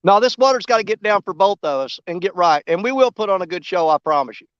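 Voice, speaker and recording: Man, high voice, rambling fishing-stream host, dry muffled audio. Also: lively intonation, fast, a bit bright, clear, resonant tone. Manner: rambling, easygoing, greets viewers by name. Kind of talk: casual live-stream chat while fishing. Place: outdoors on a riverbank.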